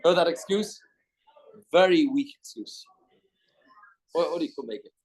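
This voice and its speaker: In a fairly high-pitched, expressive voice at normal speed, a Canadian man teaches his daily Talmud class in a study hall. He reads the text aloud, explains it in English, and acts out the dialogue.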